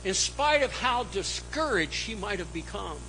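A man delivers a church sermon in a high, bright voice. He takes his time and leans hard on key words. His volume rises and falls dramatically as he preaches. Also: very animated, slight background noise, low-quality recording. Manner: slow, emphatic preaching with dramatic swings in loudness. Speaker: pastor.

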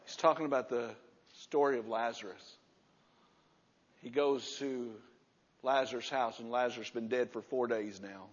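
A man in his sixties preaching a sermon, repeating key words with emphasis and dropping to a soft, low voice to stress a point. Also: fairly even intonation, normal speed, long pauses. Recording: muffled sound with long hall reverb.

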